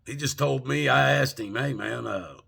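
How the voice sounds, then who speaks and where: A man's voice: mid-range voice, normal speed, gravelly, bright, forceful tone, husky. An older man ranting angrily from home, profane and indignant, firing off rhetorical questions. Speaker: vlogger. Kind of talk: angry political rant.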